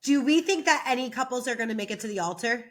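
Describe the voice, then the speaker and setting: A woman's voice: a little high, expressive, fast talker. A woman co-hosting a podcast, talking loosely and laughing often in casual chat. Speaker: podcast co-host.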